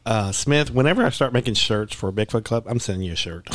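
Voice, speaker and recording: A man hosting a casual podcast interview. He sounds friendly and enthusiastic and tends to repeat his words as he goes. His voice sits at a middle pitch for a man. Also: animated, fast talker. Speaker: podcast host.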